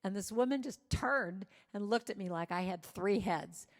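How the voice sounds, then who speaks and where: A woman's voice: mid-range voice, moderate pace. A woman giving a storytelling sermon at a church service, acting out the voices of the people in her anecdotes. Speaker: guest speaker at a church service.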